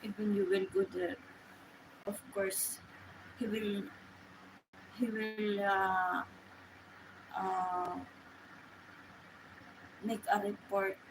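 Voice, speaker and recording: A woman chats with her live-stream viewers at a slow, unhurried pace. Her English is halting and full of restarts. Traffic and vehicle noise sit clearly behind her voice. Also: mid-range voice, little pitch movement. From Philippines. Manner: rambling, halting non-native English with many restarts. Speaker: livestream host. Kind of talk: casual chat with viewers.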